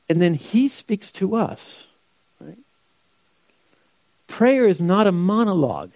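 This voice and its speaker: A man's voice: sits high, sing-song, a little slow, pauses often, dark tone, no room sound. Preacher man with rhetorical questions. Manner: asks rhetorical questions and repeats key phrases for emphasis. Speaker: pastor. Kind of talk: sermon.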